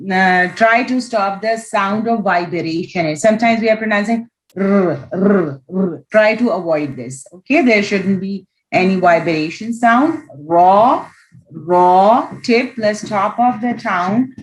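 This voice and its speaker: A woman's voice: mid-range voice, rough recording. A woman teaching Quran reading in an online class, patiently demonstrating each letter sound aloud over a video call.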